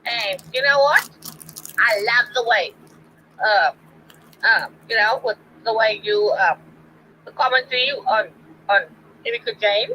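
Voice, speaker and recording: A woman's voice: fairly high pitch, unhurried, pauses often, bright, forceful tone, slight background noise, low-quality recording. A woman calling in to a live stream, drunk, rambling and repeating herself as she confronts the host. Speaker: stream guest caller.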